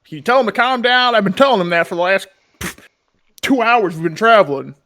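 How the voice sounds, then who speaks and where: A man's voice: sits high, expressive, a little fast, pushed and bright, pitched above the performer's own voice, heavily acted. A man voicing a harried, impatient middle-aged farmer in a tabletop game. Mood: exasperated. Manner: impatient, bossy.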